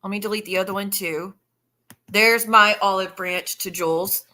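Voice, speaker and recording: A woman's voice: medium pitch, steady tone, moderate pace, sharp tone. A woman hosting a casual live stream, talking bluntly with plenty of swearing and thanking viewers in the chat as she scrolls through messages. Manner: blunt and profane, chatting with viewers while scrolling. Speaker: livestreamer.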